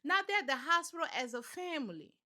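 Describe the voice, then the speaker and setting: A woman hosting a commentary vlog, telling the story in a sassy, animated, colloquial way. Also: sits high, quick pace. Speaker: commentary channel host.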